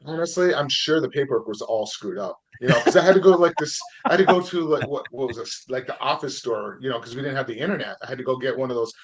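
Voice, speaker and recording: A man from Vermont telling a casual story on a panel, acting out old phone calls. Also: mid-range voice. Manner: quick, anecdotal, acts out phone calls. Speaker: panel guest, real estate investor.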